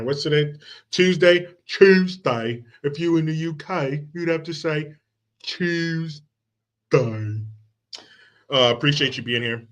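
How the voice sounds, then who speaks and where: Bright-voiced male live-stream host. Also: fairly high pitch. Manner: loose and joking, reads chat aloud, drops into movie quotes; profane, sarcastic. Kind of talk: casual live-stream commentary.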